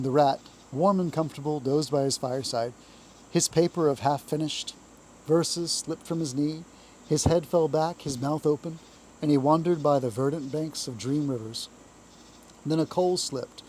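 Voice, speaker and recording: A man reading a classic children's story aloud in a calm, measured storytelling voice. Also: fairly high pitch, a little hiss or hum, rough recording.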